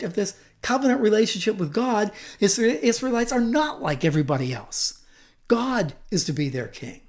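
A male preacher retells a story during a sermon in an animated way. He adds humorous asides and lets his delivery swing between hushed and emphatic. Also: high-pitched, moderate pace.

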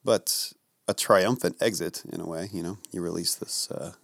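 Low-voiced joking man. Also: steady tone, moderate pace, vocal fry, fairly bright tone, no echo, clean studio sound. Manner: playful, jokey banter. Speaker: podcast co-host. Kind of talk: casual comedic chat.

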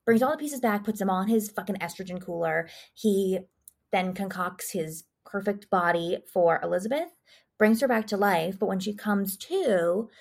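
A woman co-hosting a podcast, recapping a horror film in a profane, rambling, animated way. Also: mid-range voice, normal speed, creaky. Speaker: podcast co-host. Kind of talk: casual horror movie recap.

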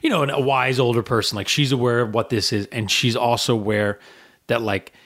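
A man co-hosting a film podcast, giving his opinions in a deliberate, conversational way. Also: medium pitch, fairly even intonation, fairly bright tone. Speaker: podcast co-host. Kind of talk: casual film discussion.

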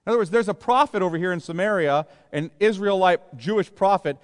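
Male pastor, fairly high voice, conversational expository preaching, church sanctuary with long reverb. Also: fairly quick. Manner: conversational, explains scripture in plain paraphrase. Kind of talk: sermon.

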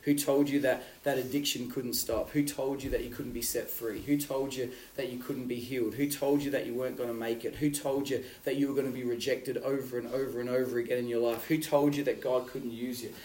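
A man preaching a youth sermon, telling stories with swings from loud to hushed. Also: mid-range voice, fairly even intonation, a little fast, hardly any pauses, slight background noise. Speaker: youth pastor. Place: youth hall. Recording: roomy hall, voice from far off.

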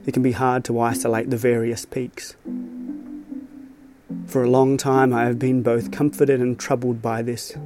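A man reading his own reflective travel essay aloud as scripted narration, measured and thoughtful. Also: mid-range voice, level tone, music in the background. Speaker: storyteller.

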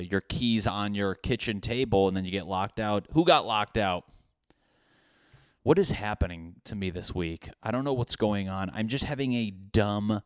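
Young guy podcasting, low smooth voice, rambly and self-roasting, cusses a lot, dry close sound. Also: no room sound. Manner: rambling, self-mocking, swears freely, laughs at own jokes. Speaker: podcast host. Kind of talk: casual comedic monologue.

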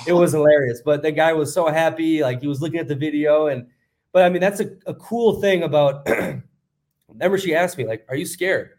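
A man's voice: a little high, moderate pace, darkish tone. A man co-hosting a podcast, telling a long story in a rambling, casual way with lots of fillers. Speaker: podcast co-host.

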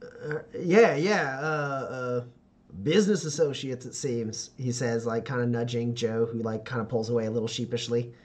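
A man's voice: medium pitch, moderate pace, a little mellow. A man narrating a tabletop game as game master, loose and full of fillers. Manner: loose, laughing, filler-heavy.

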